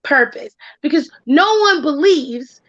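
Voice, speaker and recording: A high-voiced woman hosts a casual podcast chat and tells a story with lots of acted-out quotes and swearing. The sound is dry and a bit dull, like a lo-fi home setup. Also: takes it slowly, no room sound. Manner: animated storytelling, acts out quotes, swears freely. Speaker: podcast host.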